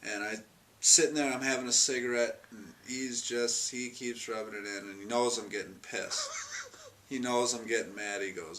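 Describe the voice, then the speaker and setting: Man, storytelling, rambling with restarts, mid pitch, mic set back, faint hiss. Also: steady tone, moderate pace, pushed and bright. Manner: rambling, restarts, chuckles often. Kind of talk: storytelling anecdote. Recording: distant mic, faint noise.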